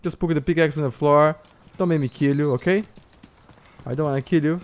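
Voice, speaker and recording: Brazilian dude bossing people around in game chat, kinda high voice, little bit of hiss behind. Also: male voice, steady tone, a little fast. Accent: Brazilian Portuguese. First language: Portuguese. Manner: commanding, mocking, swears and laughs. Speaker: gamer streamer. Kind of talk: gameplay voice chat.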